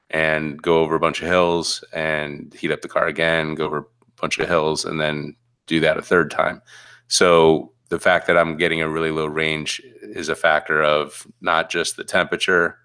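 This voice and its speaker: A man co-hosting a casual podcast chat, talking in a relaxed, rambling way with plenty of fillers. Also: very deep voice, clear, resonant tone. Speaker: podcast co-host.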